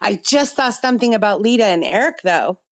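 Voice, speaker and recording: Woman, casual chat guest, short reactive replies, mid pitch. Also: animated, a little fast.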